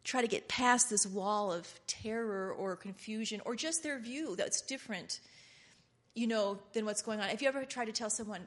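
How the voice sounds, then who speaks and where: A middle-aged woman preaches in an informal, rambling way, her voice bright and forward. She speaks earnestly and swells into loud, impassioned passages. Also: medium pitch, normal speed. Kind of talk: informal sermon.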